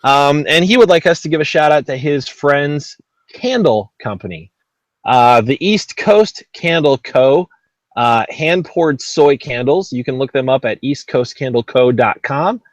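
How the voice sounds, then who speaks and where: A man's voice: a little high, expressive, measured pace, no echo, low-quality recording. A man hosting a casual gaming podcast, rambling with lots of ums and uhs and poking fun at himself. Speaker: podcast host.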